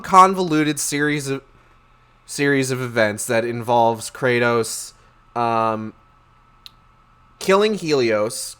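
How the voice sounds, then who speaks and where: A man's voice: medium pitch, fairly bright tone. A man casually recapping game lore with sarcastic, profane, slangy humor and lots of fillers.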